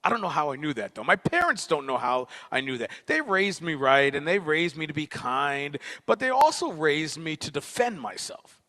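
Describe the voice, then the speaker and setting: A man giving a storytelling conference talk, playful and quick with joking asides. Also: fairly high pitch, big pitch swings, sharp tone. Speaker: keynote speaker and performer. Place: university auditorium. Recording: long auditorium reverb.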